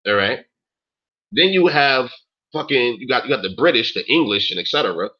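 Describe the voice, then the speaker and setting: Husky-voiced man ranting profanely. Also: medium pitch, animated, normal speed. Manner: profane, emphatic, repeats "yo" and "man". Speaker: host. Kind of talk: casual rant on a talk stream. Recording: dull lo-fi recording.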